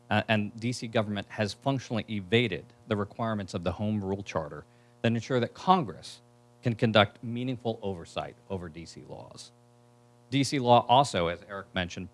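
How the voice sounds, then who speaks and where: Legal advocate type; low male voice, reads a formal prepared statement, measured. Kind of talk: prepared statement read aloud.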